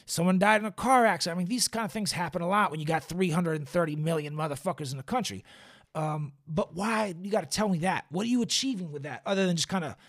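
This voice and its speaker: A podcast host talks fast on his own show, his voice slightly high and a bit bright, loosely rambling and cursing with lots of fillers and restarts. He's indoors in a squeaky chair at a desk, recorded on camera and studio mic.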